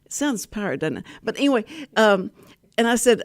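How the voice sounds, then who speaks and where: A woman's voice: a little high, animated, fairly quick. An older woman hosting a community radio talk show, chatting and laughing often as she tells stories. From Texas. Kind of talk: casual radio chat.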